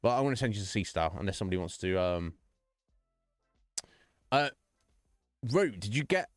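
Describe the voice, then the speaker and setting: A man's voice: lowish voice, expressive, moderate pace, dry recording. A man streaming, chatting loosely as he wraps up, rambling with jokes and frequent laughter. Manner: rambling, jokey, laughs often. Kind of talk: casual stream sign-off chat. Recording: dry close mic, faint music behind.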